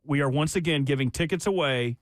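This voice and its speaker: A man's voice: fairly high pitch, brisk, no echo, clean studio sound. A man with a Southern accent, a sports radio host bantering and joking on air. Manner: joking, teasing.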